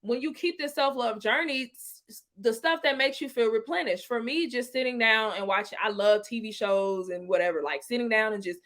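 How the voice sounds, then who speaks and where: Woman, podcast co-host, bright tone, a bit high, lively, casual slang. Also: brisk. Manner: lively, laughs often, informal slang. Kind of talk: casual podcast chat giving tips.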